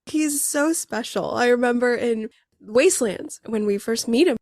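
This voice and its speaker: A woman's voice: a little high, normal speed, darkish tone, no room sound, clean studio sound. A woman hosting a podcast, reacting in an emotive, easily moved way in casual chat. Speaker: podcast host.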